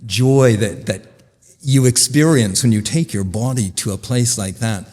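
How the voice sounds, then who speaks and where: An older man speaking as a podcast guest, explaining his ideas in an animated way. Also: medium pitch, a little slow, long reverb tail. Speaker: guest, theater director and yoga teacher. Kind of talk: casual conversational interview.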